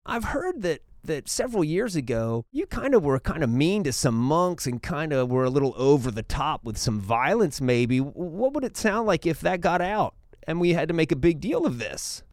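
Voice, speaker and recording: A man giving a casual, lecture-style talk on church history, telling it as a lively story with quick changes of tone. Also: dry recording, clean studio sound. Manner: animated storytelling, acts out quotes with shifting pitch.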